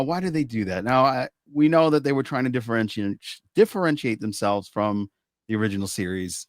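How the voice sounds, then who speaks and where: A male podcast host with a lively, bouncing delivery that swoops up and down. The recording is dry and close, with no room sound, and he jokes and laughs freely. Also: lowish voice, no echo. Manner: animated, jokey, laughs a lot. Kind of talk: casual chat.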